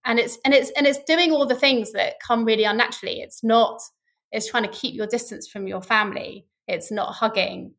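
Woman with a creaky voice. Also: fairly high pitch, fairly quick. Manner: candid, animated, laughs easily. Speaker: scientist guest. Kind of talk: casual explanatory conversation.

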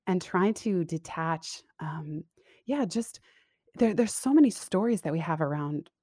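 A woman's voice: on the low side, expressive, a little slow, dark tone, dry recording, studio quality. A woman speaking as an interview guest over a remote call, reflective and candid, laughing easily and often restarting her sentences. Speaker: guest, career coach and business owner. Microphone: remote call audio.

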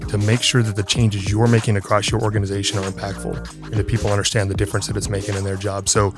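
A man's voice: lowish voice, level tone, fast, over music. A middle-aged man hosting a podcast, telling a story in casual chat, laughing often and acting out the voices in it. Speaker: podcast host.

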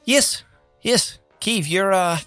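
A man's voice: sits high, slow, bright, forceful tone, faint music behind, voice pushed up, exaggerated voice. A man voicing an eager young male ship engineer who stammers and gushes with thanks. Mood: gushing. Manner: stammering, gushing.

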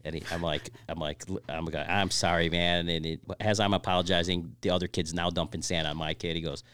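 Man, podcast host, very low voice, dry studio sound, teasing. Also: fairly even intonation, a little fast, fairly bright tone, clean tone, no echo. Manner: jokey, teasing, tells stories with quoted voices. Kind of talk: casual podcast chat.

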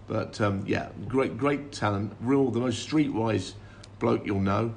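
Gravelly-voiced former snooker pro. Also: male voice, lowish voice, a little slow, slight background noise. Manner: anecdotal, laughs through his stories. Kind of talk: casual podcast chat.

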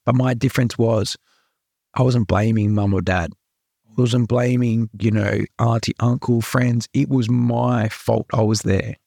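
Unhurried and steady, this medium-pitched voice belongs to a young Australian podcast guest who shares his own story with earnest candor, often circling back over the same points and filling gaps with "like" and "right." His tone is warm and creaky. The studio sound is clean, with no room noise.

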